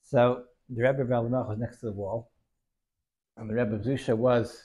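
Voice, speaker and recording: A man's voice: medium pitch, steady tone, brisk, dark tone, slightly rough. A man telling a Hasidic story in an informal lesson, rambling with many restarts and dropping in Yiddish and Hebrew terms.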